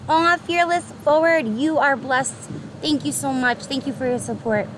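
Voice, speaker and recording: Young New York woman, high-pitched bubbly streamer; outdoor pier, heavy traffic noise. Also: moderate pace. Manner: bubbly, upbeat, greets chatters by name, laughs often. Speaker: livestreamer. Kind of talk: casual live-stream chat with viewers.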